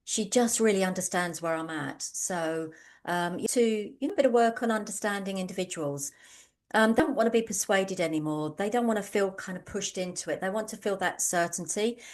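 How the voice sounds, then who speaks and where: A woman's voice: medium pitch, fairly quick. A woman, an online business coach, giving a conversational webinar talk full of anecdotes and frequent ums. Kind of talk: webinar presentation.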